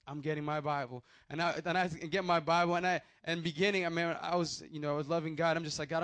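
A man who is a pastor, telling a personal testimony as a sermon in an animated storytelling way and calling out to his listeners. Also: fairly high pitch, dry recording. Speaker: youth pastor.

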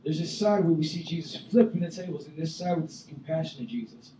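A man preaching a sermon as a youth pastor, animated, bursting into loud acted-out voices. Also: a little high, fast talker, a little hiss or hum. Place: church sanctuary. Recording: echoey room, voice from far off the mic.

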